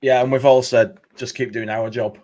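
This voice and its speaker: A man's voice: mid-range voice, flat delivery, moderate pace, a little mellow. A man co-hosting a casual football podcast, blunt and bantering. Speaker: podcast co-host.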